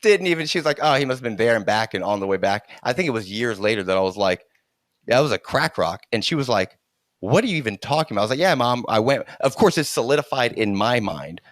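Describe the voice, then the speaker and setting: A middle-aged man telling a childhood story in casual conversation, animated and laughing often, restarting his sentences as he goes. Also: mid-range voice, fast talker, no room sound, studio quality.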